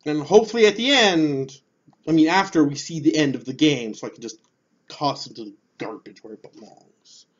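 A man doing let's play commentary who gets frustrated, swears and yells at the game. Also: fairly high pitch, moderate pace, muffled recording, slight background noise. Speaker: gameplay commentator. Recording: game music behind the voice.

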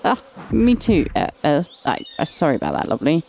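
A woman's voice: sits low, wildly swooping pitch, a little fast, creaky, warm tone, slight background noise. An English woman giving casual, chatty commentary while playing and reading game dialogue aloud, affectionately calling characters "lovely". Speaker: gaming channel host.

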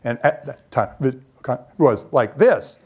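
A man telling lively stories at a lecture, acting out bits of dialogue as he goes. His voice sits in a middle pitch, and he often pauses with ums and starts his sentences over. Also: slightly rough. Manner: lively storyteller who acts out quoted dialogue; frequent ums and restarts. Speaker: venture capitalist giving a talk. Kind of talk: anecdotal lecture to students.

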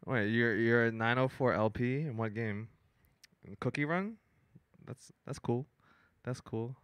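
A man's voice: medium pitch, unhurried, a bit bright, smooth, dry recording. A young man hosting his DJ live stream, chatting loosely with his viewers, often stammering, swearing and laughing. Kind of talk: casual live-stream chat.

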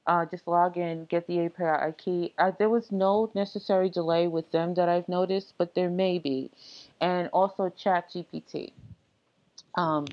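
A woman with a lowish voice talks through a software setup screencast in a relaxed, instructive way, pausing often on ums and uhs. The recording sounds dull and lo-fi. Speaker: software tutorial presenter. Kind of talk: screencast tech tutorial.

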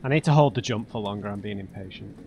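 A man commentating a blind gameplay run, chatty and self-mocking, often bursting into loud exclamations. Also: fairly low pitch, quick pace. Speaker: let's play host. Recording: noticeable background noise.

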